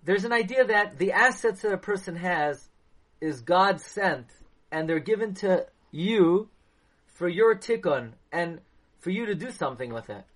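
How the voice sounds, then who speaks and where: A man giving a Torah class lecture, animated, asking his listeners questions and mixing Hebrew and Yiddish terms into his English. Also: sits high, a little slow. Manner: animated, asks the audience questions. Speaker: Torah teacher.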